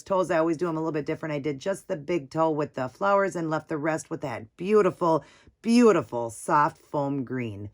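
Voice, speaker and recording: A woman hosting a casual nail art tutorial, chatty and gushing as she talks through each step while working. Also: sits low.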